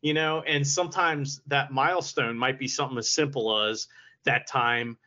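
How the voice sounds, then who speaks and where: Man, podcast co-host, casual chat, enthusiastic, bright tense tone, dull lo-fi audio. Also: mid-range voice, fairly even intonation, normal speed. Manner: enthusiastic, laughs along, sprinkles in "like".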